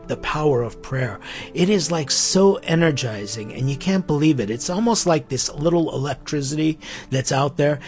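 A man hosting a podcast, reflecting earnestly on faith and spirituality in a musing way, often restarting his sentences. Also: a little high. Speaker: podcast host.

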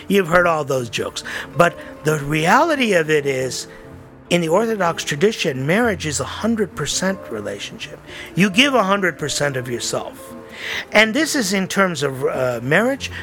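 A man's voice: a little high, a bit bright. A man, a priest giving a conversational sermon and reading a story aloud to his congregation.

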